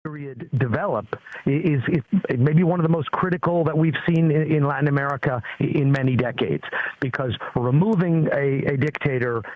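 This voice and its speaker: A man giving broadcast news analysis in a measured, slightly hesitant way. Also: fairly high pitch. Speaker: news commentator. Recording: dull broadcast audio.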